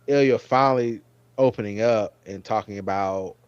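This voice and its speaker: A man's voice: lowish voice, normal speed, clear, resonant tone, dry recording, dull audio. Rambling man reviewing a TV episode. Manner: rambling, animated when quoting his own reactions. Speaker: podcast host. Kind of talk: casual TV episode review chat.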